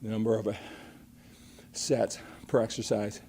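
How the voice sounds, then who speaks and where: Emphatic male fitness coach, mellow voice. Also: fairly low pitch, flat delivery, unhurried, slight background noise. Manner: emphatic, coaching, asks rhetorical questions. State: out of breath after a set. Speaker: fitness coach and live show host. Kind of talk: live-streamed workout talk.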